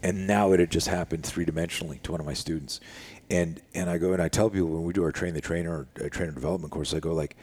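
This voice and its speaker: An older man with an extremely deep, husky voice recounts a story from his years as a self-defense instructor. He talks casually and with energy, acting out what people said. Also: fast talker, hardly any pauses. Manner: animated, acts out quoted dialogue, casual with frequent "dude" and "like". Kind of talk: storytelling in an interview.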